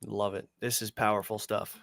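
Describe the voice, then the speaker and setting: A man's voice: on the low side, level tone, normal speed, vocal fry, a bit bright. A man co-hosting a comedy podcast, chiming in with dry, incredulous remarks in casual chat. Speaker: podcast co-host.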